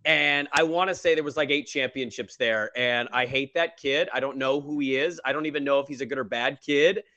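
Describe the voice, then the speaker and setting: Man, bright crisp voice, dry close sound, teasing sports podcast co-host, energetic casual chat. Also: medium pitch, brisk, dry recording, highs cut off.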